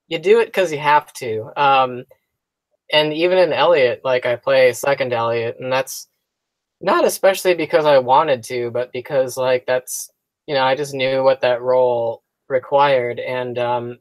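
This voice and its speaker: A man being interviewed as an actor guest, telling dry, deadpan jokes in casual chat. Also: mid-range voice, no room sound, rough recording.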